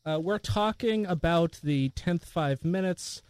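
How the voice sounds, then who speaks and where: A man co-hosting a casual podcast chat, jokey and quick to agree, fond of silly bits. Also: a little high, darkish tone, smooth, no echo. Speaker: podcast co-host.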